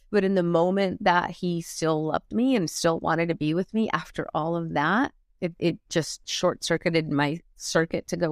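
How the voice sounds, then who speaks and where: Earnest lower-voiced woman telling her story. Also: fairly even intonation, no room sound, studio quality. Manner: earnest and reflective, with frequent pauses and fillers. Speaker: guest, motivational speaker and performance coach. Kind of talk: candid personal storytelling in an interview.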